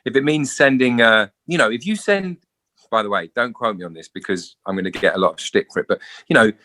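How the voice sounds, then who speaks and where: A middle-aged English actor, a guest in a casual interview, telling stories animatedly and acting out quoted voices. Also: male voice, lowish voice, animated, fairly quick, sharp tone, slight background noise. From England.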